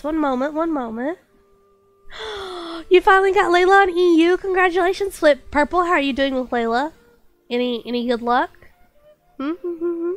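A woman's voice: high-pitched, normal speed. A woman game streamer chatting casually and reading chat aloud, still getting over a cold with a slight cough and stuffy nose.

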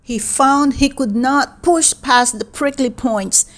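A woman reading a children's picture book aloud in a gentle, expressive, deliberate way. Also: sits high. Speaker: read-aloud narrator.

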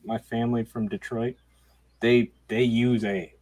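A man's voice: medium pitch, little pitch movement, measured pace, a little mellow, dry recording. Easygoing man from Michigan as co-host, mid-range voice, dry close sound. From Michigan, United States. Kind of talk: casual profane chat.

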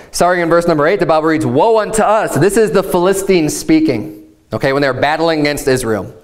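Earnest preaching man, higher voice. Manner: earnest preaching, rising higher and drawing words out for emphasis; conversational asides with fillers. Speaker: pastor. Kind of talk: sermon.

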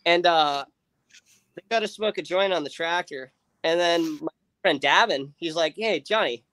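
A man's voice: a little high, unhurried, no room sound. A man telling a long story in casual chat on a livestream, rambling with fillers and acting out his friends' lines. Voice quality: rambling, many fillers and restarts. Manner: animated, acts out friends' lines.

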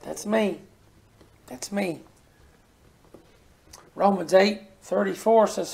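Folksy gravelly-voiced preacher. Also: medium pitch, takes it slowly, pauses often, a little mellow. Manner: folksy, repeats words when emphatic. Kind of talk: sermon with scripture reading.

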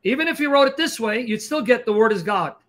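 A man with a high, bright voice leads a livestream Q&A. He lectures emphatically and fast, pressing each point home. His delivery has a combative edge. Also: lively intonation. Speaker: Christian apologist host. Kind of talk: livestream teaching Q&A.

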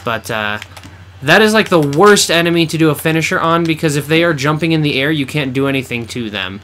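A man's voice: a little high, animated, a little fast, fairly bright tone, slight background noise. A man giving blunt, teasing commentary while playing through a video game with a friend. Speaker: game co-host. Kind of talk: let's play commentary.

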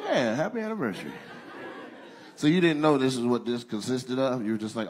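A man's voice: mid-range voice, animated, fairly quick, noisy background. A male stand-up comedian doing crowd work, teasing and roasting the front row in a profane style. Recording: live stand-up show with loud crowd laughter.

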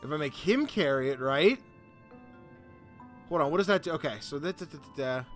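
A man hosting a gaming channel, thinking out loud in goofy, excitable let's play commentary. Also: fairly high pitch, moderate pace, soft background music.

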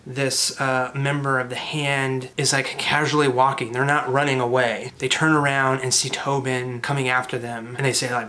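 A man's voice: mid-range voice, flat delivery, normal speed, hardly any pauses, pushed and bright. A man casually recapping a tabletop game session in a loose, rambling way with lots of filler words. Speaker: storyteller recapping a tabletop campaign.

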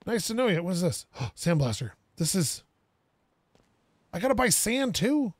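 A young man giving casual let's-play commentary, excitable and self-mocking, talking to himself as he plays. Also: high-pitched, moderate pace, pauses often, no echo. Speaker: gaming video creator.

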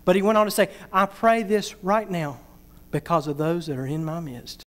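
A man's voice: high-pitched, fairly even intonation, moderate pace. A man pastor preaching a revival sermon in a church, reading scripture aloud and then pressing the congregation with questions.

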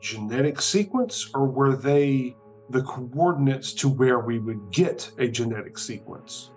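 A man's voice: medium pitch, lively intonation, a little slow, darkish tone. Man, tabletop player, playful chatter, faint music behind. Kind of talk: tabletop role-play, in character.

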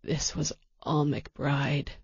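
A woman reading an audiobook voices a badly wounded man struggling to stay conscious, speaking in weak, breathless, halting words. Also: low-pitched, flat delivery, darkish tone, dry recording, highs cut off, pitched below the performer's own voice, exaggerated voice. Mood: weak, strained. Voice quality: husky and gravelly.

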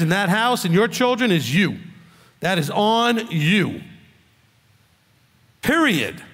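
A male rabbi gives a blunt, scolding sermon and keeps firing off rhetorical questions. His voice sits high. Each phrase rings out with a long hall reverb. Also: fairly bright tone.

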